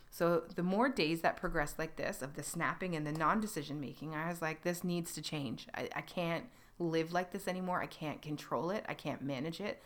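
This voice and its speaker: A woman in her thirties hosting a podcast, telling her personal story in a halting, reflective way with many pauses and restarts. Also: on the low side. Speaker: podcast host.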